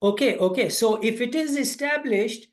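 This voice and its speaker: Hesitant student asking questions. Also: male voice, very high-pitched, moderate pace. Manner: hesitant, many fillers and restarts, pressing a question.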